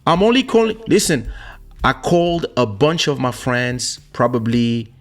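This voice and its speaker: A male host telling a personal story on a streamed talk show. He speaks at an average pitch for a man and keeps it casual, slipping into quoted voices as he goes. He is recorded close on a studio microphone, with faint music underneath. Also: a little slow. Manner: animated, acts out quoted voices. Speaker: podcast host.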